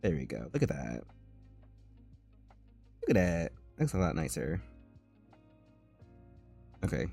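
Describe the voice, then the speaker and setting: A man streaming as an artist, chatting casually as he works and breaking into high squeals of disgust and laughter. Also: wildly swooping pitch, slow pace, creaky, pauses often, mellow, soft background music. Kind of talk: casual live-stream chat while drawing.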